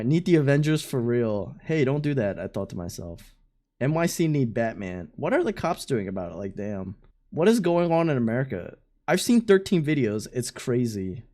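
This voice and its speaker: A streamer reacts live in a loose, casual way, full of slang, swearing and bursts of laughter. The pitch swings widely from low mutters to high exclamations while the voice sits at a middle height. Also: darkish tone.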